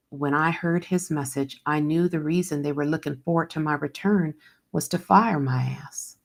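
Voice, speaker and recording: Low, gravelly-voiced woman host. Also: moderate pace. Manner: direct, animated storytelling. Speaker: host and author. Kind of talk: interviewing and reading her book.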